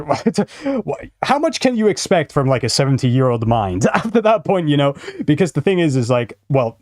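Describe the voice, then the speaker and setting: A man's voice: medium pitch, a little mellow, dry recording, studio quality. Rambling, swearing man. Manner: rambling, swearing a lot, frequent laughter. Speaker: streamer. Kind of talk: casual reaction-stream commentary.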